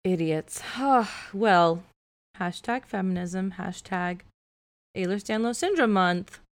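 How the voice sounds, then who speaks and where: A woman co-hosting a podcast, chatting casually and telling a story full of "like" fillers. Her voice is smooth and resonant at a mid pitch. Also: takes it slowly. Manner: animated storyteller, filler-heavy "like". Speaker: podcast co-host. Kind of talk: casual chat.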